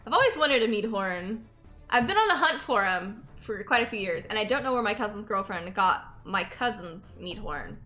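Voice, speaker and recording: A woman's voice: medium pitch, expressive, moderate pace, sharp tone, faint music behind. A young woman streaming and chatting casually, laughing often and reading chat aloud, tired from lack of sleep. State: sleep-deprived.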